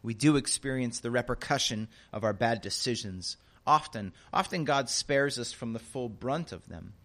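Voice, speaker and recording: Animated conversational preacher, man. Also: medium pitch. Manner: animated, conversational preaching with frequent rhetorical "right?"; repeats key phrases for emphasis. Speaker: pastor. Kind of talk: expository sermon.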